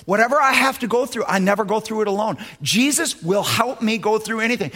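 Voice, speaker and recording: A man preaching a sermon as pastor, swinging between loud emphatic lines and low, quiet asides. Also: fairly quick, hardly any pauses.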